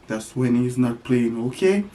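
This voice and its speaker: A man's voice: medium pitch, expressive, unhurried, warm tone, a little hiss or hum. A man talking playfully to his baby in a home vlog, making animal sounds. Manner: sing-song talk to a toddler with animal sounds. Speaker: father teaching his baby.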